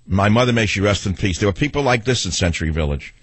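Man, talk radio host, middle-aged, husky, very lively pitch, sardonic, argumentative, rambling. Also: quick pace, dry recording. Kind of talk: talk radio monologue and caller exchange.

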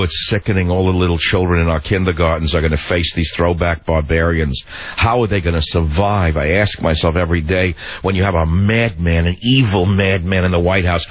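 Husky older man ranting on talk radio. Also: low voice, no room sound. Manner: swings from tender to ranting, rhetorical questions. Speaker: radio talk show host.

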